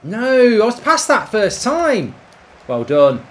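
A man streaming a football video game, reacting loudly, swearing and cheering at the play. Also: high voice, slow pace. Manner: excitable, swears, shouts at the game. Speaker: gaming streamer. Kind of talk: live football game commentary.

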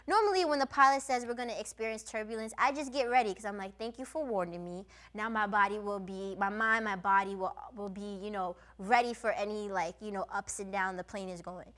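A woman's voice: a little high, a bit bright. Chatty woman hosting a cooking show. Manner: chatty, storytelling with lots of fillers. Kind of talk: casual chat while cooking.

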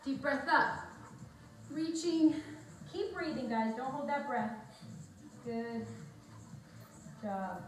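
An upbeat woman fitness instructor coaches a workout class, cheering people on and counting reps, slightly out of breath. Her voice sits a bit high and rings in a very echoey room, picked up from some distance. A faint room hum sits behind her. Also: takes it slowly, pauses often. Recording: echoey room, mic far off.

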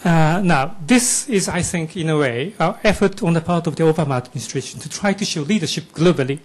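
A man from Japan, a diplomat with a Japanese accent, speaking from the audience in a measured way with fillers. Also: on the high side. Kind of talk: question from the floor.

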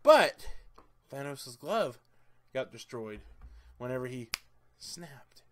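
Excitable rambling man reviewing a movie. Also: medium pitch, takes it slowly. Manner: enthusiastic, rambling with many "uh"s and "I mean"s; excitable and laughs easily. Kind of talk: casual movie review vlog.

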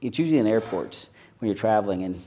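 A young Irish man with a slightly low voice, speaking as an actor on a panel stage. He tells lively, jokey stories in a casual chat. A faint hum of the venue sits behind him. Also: fast. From Ireland. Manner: lively storyteller, jokey and animated.

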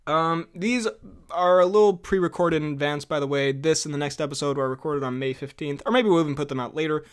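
A man's voice: on the high side, fairly quick, clear, resonant tone. A man hosting a podcast in casual chat, talking loosely and laughing often between remarks. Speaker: podcast host.

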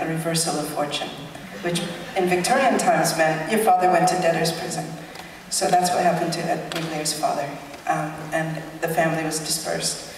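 Female performer chatting between songs, halting and wry, heard from far back in a big reverberant hall with audience noise. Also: sits low. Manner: hesitant, many fillers, wry self-mocking asides. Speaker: singer on stage. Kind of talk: stage talk to a concert audience. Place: large concert hall. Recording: distant, echoey concert hall recording with audience noise.

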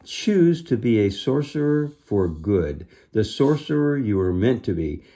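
A man's voice: fairly low pitch, sing-song, a little slow, warm tone. A man doing a brave, rousing boy. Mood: earnest. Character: brave boy, loyal and encouraging friend.

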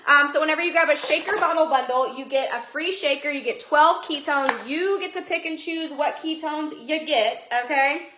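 A woman's voice: high-pitched, normal speed, hardly any pauses, sharp tone, slight background noise. A woman hosting a casual livestream from home into a phone, chatty and bubbly as she greets viewers by name. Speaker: livestream seller. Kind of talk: casual livestream sales chat. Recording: echoey room.

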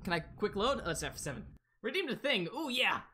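An excitable streamer yelps and chatters through a live shooter session, swinging widely in pitch. The voice is bright and forward on a desk mic at home. A faint hiss sits behind it. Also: brisk. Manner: excitable, yelps and laughs, talks to chat. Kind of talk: live gameplay commentary.

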